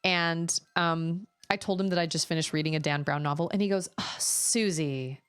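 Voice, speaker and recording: Woman rambling on stream, kinda low voice, chatty and animated. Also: a little fast, clean tone. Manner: chatty, rambling, animated when telling stories. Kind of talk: casual chat.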